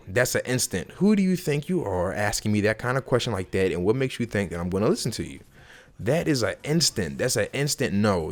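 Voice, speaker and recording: With a lowish voice, a man hosts a gaming video and gives casual, emphatic advice directly to camera, repeating his points and addressing viewers as y'all in this advice vlog.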